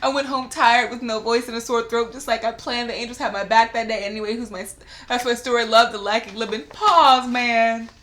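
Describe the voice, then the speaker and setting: A woman's voice: on the high side, little pitch movement, a little fast, fairly bright tone. A young woman co-hosting a casual podcast, reading a listener's letter aloud, laughing often and swearing freely. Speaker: podcast co-host. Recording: roomy echo.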